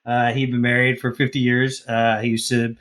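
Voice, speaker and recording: Guy from the deep south rambling thru a story on a podcast, lots of uhs and likes, mid pitch. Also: monotone, moderate pace, a bit bright. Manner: rambling, lots of fillers and restarts. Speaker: podcast co-host. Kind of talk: casual storytelling.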